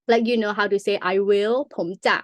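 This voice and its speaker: A young native Thai speaker with a Thai accent patiently explains her language as a teacher in a casual chat, sounding out examples. Her voice is medium-pitched, with no room sound.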